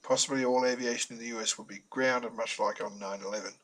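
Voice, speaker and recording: A man's voice: mid-range voice, steady tone, fast talker, a bit bright, poor audio. A man narrating a self-published story in a chatty, wry manner with humorous asides.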